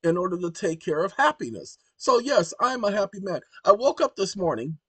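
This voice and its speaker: A man hosting his own channel, talking to viewers in an animated, exclaiming, colloquial way. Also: high voice, fairly quick, breathy edge, no echo. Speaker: channel host. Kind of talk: casual commentary to viewers.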